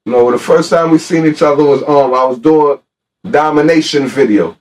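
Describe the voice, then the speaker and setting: A man's voice: on the high side, normal speed, a little mellow, recorded from a distance. A man from Queens, New York, telling street stories as a guest in a heated interview, in slangy, defiant talk.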